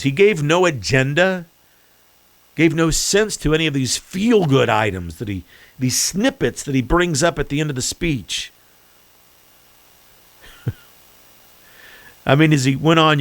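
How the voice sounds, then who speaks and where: A male podcast host delivering political commentary with a sarcastic, mocking edge. His voice sits at a middle pitch but swings up and down a great deal as he talks. The sound is dry and close, with almost no room around it. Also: a bit bright, no room sound.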